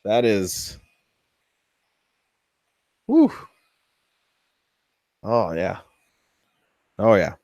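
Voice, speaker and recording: A man narrating his own workshop build in a casual, chatty vlog. He talks slowly in a lowish voice and thinks aloud as he goes. The sound is dry and close. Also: huge pitch swings, darkish tone, no room sound. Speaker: 3D printing hobbyist host.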